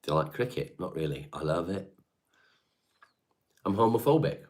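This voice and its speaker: A man's voice: rumbling low, brisk. A middle-aged man with a Devon English accent, chatting casually and bluntly on a home livestream, swearing freely and answering viewers. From England. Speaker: livestream host reading chat. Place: his home.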